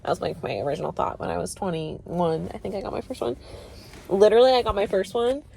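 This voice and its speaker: A woman's voice: mid-range voice, fast talker, vocal fry, dark tone, a little hiss or hum. A young woman vlogging in a bubbly, rambling, casual way, with lots of fillers. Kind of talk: casual chat.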